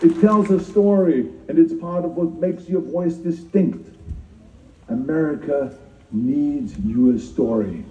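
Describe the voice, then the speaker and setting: An older man with a German-speaking accent delivers a public speech, pressing hard on his key lines and repeating them. His voice sits a little high for a man but sounds dark and heavy. It comes from far off, echoey and dull, as if an audience member filmed it on a phone. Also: slow pace, a little hiss or hum. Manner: emphatic, repeats key phrases, self-mocking humor. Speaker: keynote speaker at a citizenship ceremony. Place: outdoor ceremony. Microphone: speaker's mic filmed from the audience.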